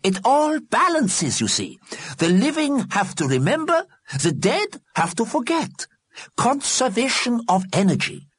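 A man voicing an excited, squeaky old male ghost scientist who lectures eagerly. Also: measured pace, slightly rough, dry recording, clean studio sound, heavily acted.

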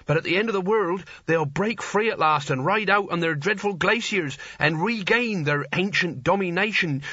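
A man's voice: high-pitched, bright, forceful tone, breathy edge, dry recording, highs cut off, voice pushed up, full character voice. A man voicing an earnest, timid young man who grows proudly stubborn. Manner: earnest, faltering, then proudly insistent.

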